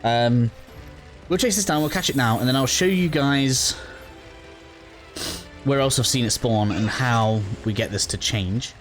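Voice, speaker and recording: A man's voice: mid-range voice, a little slow, pauses often, soft background music. A man giving a casual, rambling walkthrough of a video game, with lots of fillers and restarts, a little out of breath. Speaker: gaming YouTuber. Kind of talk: casual gameplay walkthrough commentary.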